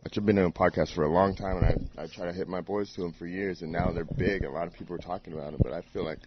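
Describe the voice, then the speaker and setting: A man's voice: low-pitched, fairly even intonation, quick pace, noisy background. A man in his forties, a DJ guest on a podcast, talking in a laid-back, profane, rambling way. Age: 40s. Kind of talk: casual chat. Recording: dull lo-fi podcast audio.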